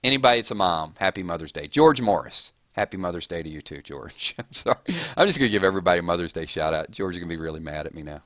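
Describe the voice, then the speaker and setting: A man's voice: sits low, expressive, fairly bright tone, no echo, studio quality. A man hosting a casual live stream, rattling off chat names and thanking viewers. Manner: rapid-fire, chatty, reading names off chat.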